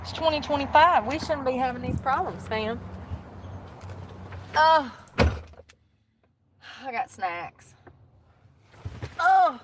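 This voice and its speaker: A woman livestreaming from her parked truck on her phone, talking in a chatty, animated way with lots of laughs and a slangy drawl. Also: high-pitched, takes it slowly, pauses often, background noise. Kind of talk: casual livestream chat.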